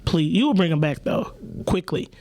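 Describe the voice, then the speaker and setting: Her voice sits low and her pace is moderate as this woman hosts a podcast. She chats casually, telling animated stories in a loose, playful manner laced with profanity.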